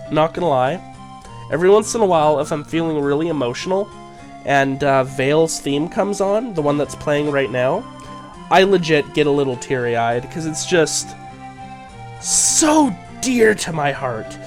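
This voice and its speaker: A man's voice: a little high, animated, a little slow, soft background music. A man chatting casually and enthusiastically while streaming a video game.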